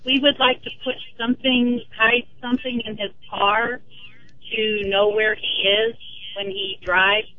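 A woman's voice: a little high, steady tone, a little slow. A woman calling into a radio show with a polite question. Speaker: caller. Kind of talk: phone-in question. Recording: tinny phone line.

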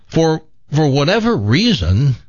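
A man hosting a radio talk show, telling a story in a lively, laughing way with lots of restarts. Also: on the high side, a little slow, no room sound, dull audio. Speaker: radio host. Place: radio studio. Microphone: studio mic with headphones.

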